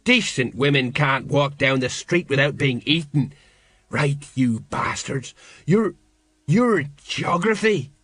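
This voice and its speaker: A man's voice: medium pitch, lively intonation, slow pace, fairly bright tone, no echo. A man voicing a nervous, blustering middle-aged watch sergeant in an audiobook reading. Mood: indignant bluster. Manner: quavering, blustering.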